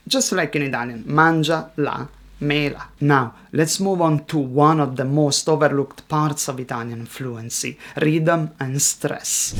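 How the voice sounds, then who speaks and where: A man teaching Italian, reading out quiz questions and answer options in a slow, deliberate scripted narration. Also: a little high, a bit bright.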